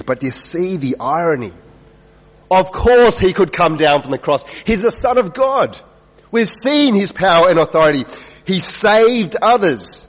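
A male preacher with a medium-pitched voice gives an earnest sermon, driving his points home with rhetorical questions and emphasis that rises and falls before dropping to slow, quiet lines. The recording has the long reverb of a large hall and sounds a little dull and muffled.

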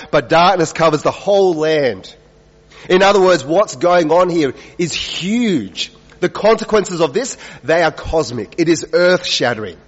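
Earnest preacher in a reverberant hall. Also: male voice, fairly high pitch. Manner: earnest, rising and falling emphasis with rhetorical questions. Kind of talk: sermon. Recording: dull, reverberant hall sound.

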